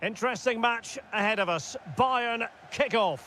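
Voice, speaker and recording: A man giving play-by-play football game commentary, shouting on goals and calm between plays. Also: extremely high pitch, moderate pace, slight background noise.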